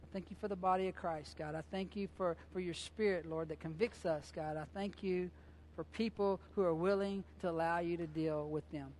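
A high-pitched male pastor delivering a fervent, down-to-earth sermon. He talks to the congregation like a friend, circling back on phrases and dropping casual grammar. A faint hiss sits under his voice. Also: fairly even intonation, fairly quick, darkish tone. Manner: impassioned, conversational preaching with repeated phrases; colloquial, informal grammar.

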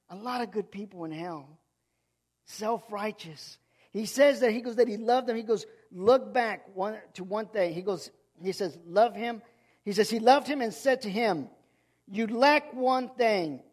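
High-voiced preacher man, impassioned. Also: normal speed. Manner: impassioned, swings from loud to hushed, repeats phrases. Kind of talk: sermon.

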